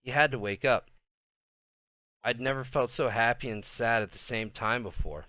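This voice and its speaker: A man reading a children's novel aloud in an unhurried voice, with small slips along the way. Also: medium pitch, sharp tone, no room sound. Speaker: reader.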